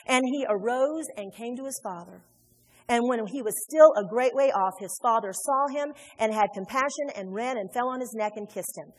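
A woman from Indiana, her pitch fairly high and her speed normal, preaches an emphatic sermon in a church sanctuary. She acts out the people she quotes, and the recording has a long hall reverb.

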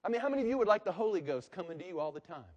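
A man's high-pitched voice delivers a sermon from the pulpit. He swings between quiet, intimate moments and loud, emphatic preaching. The sound rings with long reverb through a large church hall. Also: big pitch swings, racing, muffled recording. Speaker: pastor.

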